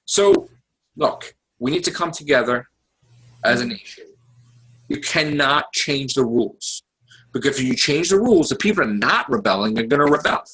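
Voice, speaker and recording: A man's voice: medium pitch, lively intonation, moderate pace, a bit bright, slightly rough. A man from the United States hosting a podcast, ranting about politics in a profane, exasperated, casual way. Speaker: podcast host. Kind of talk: heated casual political rant.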